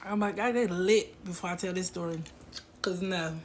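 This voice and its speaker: A woman's voice: lowish voice, moderate pace, a little hiss or hum. A woman casually telling a personal story to her viewers, slangy and laughing as she goes.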